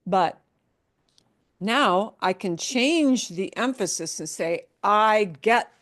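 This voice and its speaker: Slow, lively-pitched woman teacher. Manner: patient, explains with examples and frequent check-ins. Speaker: Spanish teacher. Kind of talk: class lesson.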